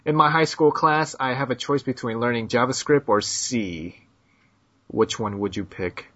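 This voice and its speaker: A man's voice: medium pitch, moderate pace, fairly bright tone, highs cut off. An American man hosting a podcast, reading listener questions aloud in a blunt, joking manner and laughing often. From United States. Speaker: podcast host.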